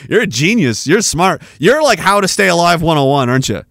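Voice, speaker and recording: A man's voice: fairly high pitch, very animated, brisk, gravelly, a bit bright, dry recording, studio quality. A man hosting a podcast, ranting sarcastically and with heavy profanity while commenting on news clips. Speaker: podcast host.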